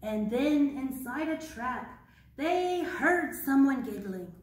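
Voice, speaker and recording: A young woman librarian reading a picture book aloud at children's storytime, gentle and playful, asking the kids questions. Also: sits high, lively intonation, takes it slowly, a little hiss or hum. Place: public library room. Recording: echoey room, mic far off.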